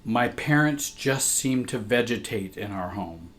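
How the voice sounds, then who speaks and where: A man reads a painful childhood story aloud at a very slow, deliberate pace. His voice is mid-pitched and somber, reflective throughout. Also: lively intonation, fairly bright tone. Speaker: family therapist and coach. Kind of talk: reading a personal story aloud.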